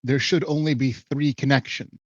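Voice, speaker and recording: A man's voice: medium pitch, steady tone, moderate pace, no room sound, muffled recording. A man playing a tabletop game in casual, offhand, teasing chat. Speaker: player.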